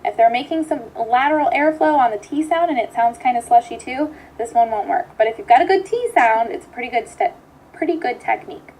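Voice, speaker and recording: Woman, high-pitched, upbeat speech therapist explaining technique to camera. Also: lively intonation, a little fast, a little mellow, poor audio. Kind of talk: instructional video lesson.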